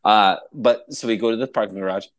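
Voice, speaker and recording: A man co-hosting a podcast, telling a story in a casual, animated way, laughing often and pitching his voice up high when he quotes people. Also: fast. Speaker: podcast co-host.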